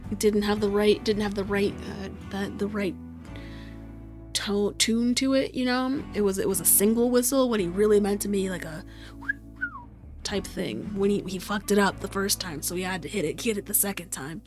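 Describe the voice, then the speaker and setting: A young woman vlogger crafts while telling casual, rambling stories in a laid-back way, swearing freely and laughing a lot. Her voice is medium in pitch with a darkish tone at normal speed, and faint music plays behind her.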